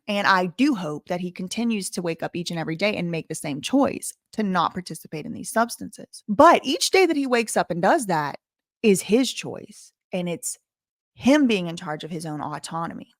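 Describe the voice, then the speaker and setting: A woman hosting commentary, talking indignantly and repeating her points with deliberate stresses. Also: lowish voice, animated, fairly bright tone, dry recording, studio quality. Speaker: commentary channel host. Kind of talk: emphatic to-camera commentary.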